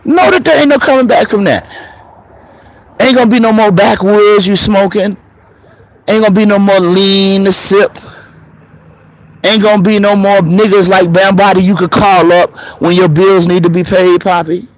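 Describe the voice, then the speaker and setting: A man in his thirties telling a story in a casual, profane monologue, laughing often and swinging between preacher-like highs and murmurs. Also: fairly even intonation, normal speed, no room sound. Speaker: show host.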